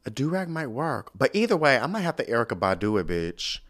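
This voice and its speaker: Sing-song and fairly bright at a medium pitch, a male podcast host dishes out gossipy, sassy chatter. Expect free swearing, long drawn-out exclamations, and listeners addressed as "girl."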